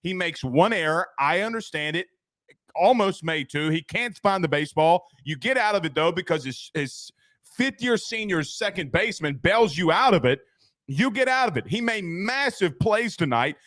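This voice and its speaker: Excitable sports talk host, man. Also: high voice, normal speed, no room sound, clean studio sound. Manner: excitable, rambling, laughs at own jokes. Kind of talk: casual sports talk show.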